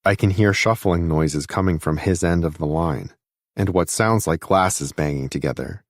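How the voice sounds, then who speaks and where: Deep-voiced male audiobook narrator. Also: normal speed, no echo, clean studio sound. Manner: steady, intimate reading. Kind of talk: scripted first-person audiobook narration.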